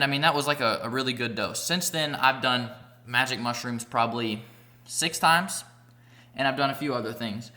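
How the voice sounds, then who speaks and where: A young man tells a rambling story for his vlog. He talks casually and profanely, piling up filler words as he goes. His voice sounds bright and pushed forward. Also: mid-range voice. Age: young adult. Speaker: vlogger.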